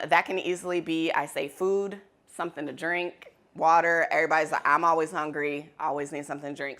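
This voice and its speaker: A woman facilitating a workshop in a conference room, talking to the audience in a candid, animated way and laughing easily. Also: sits low. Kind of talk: interactive workshop talk.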